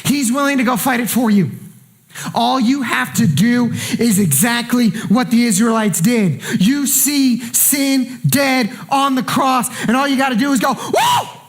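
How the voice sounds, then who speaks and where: Speaking at a measured pace with an extremely high pitch, a man delivers a sermon as pastor. His preaching is impassioned and colloquial, alternating hushed and shouted lines and repeating phrases to drive them home.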